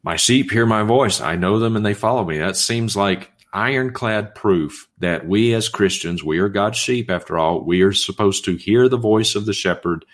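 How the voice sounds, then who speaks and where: Man, low voice, Bible teacher, expository sermon, emphatic, reads scripture aloud. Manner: reads scripture aloud, then argues each point emphatically.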